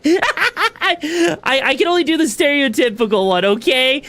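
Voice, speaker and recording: A woman's voice: sits high, animated, slow, a bit bright. A woman streamer chatting casually as she sets up a game, rambling with lots of fillers and casual swearing. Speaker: VTuber streamer. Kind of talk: casual gaming stream chat.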